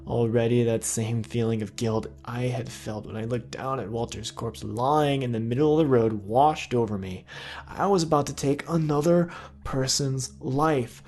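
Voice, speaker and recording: A man reading a horror story aloud in a measured, somber tone. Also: mid-range voice, a little mellow. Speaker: narrator. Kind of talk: scripted horror story narration.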